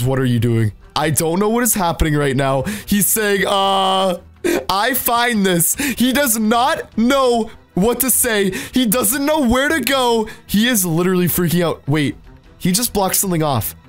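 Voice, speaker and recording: A high-voiced man commentating his Minecraft gameplay, hyped and exclamatory as he talks straight to his audience. Faint music plays under his voice. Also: expressive, measured pace. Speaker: Minecraft gaming YouTuber.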